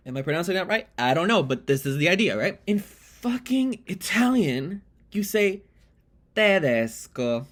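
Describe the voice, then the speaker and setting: A man delivering an animated, exasperated comedy monologue, swearing freely. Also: high-pitched, normal speed, few pauses. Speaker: vlogger.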